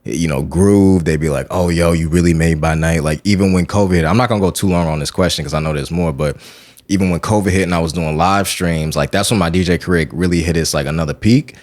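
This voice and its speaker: A man talking casually as a DJ guest on a podcast, slangy and animated, often asking "you know what I'm saying". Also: low-pitched, quick pace. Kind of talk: casual interview chat.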